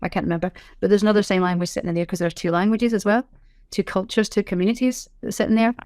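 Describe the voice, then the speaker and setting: A woman's voice: mid-range voice, fairly even intonation, racing, darkish tone, no room sound. A middle-aged woman, a sign language interpreter, explaining things in casual interview chat. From Scotland. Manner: chatty, self-correcting, explanatory.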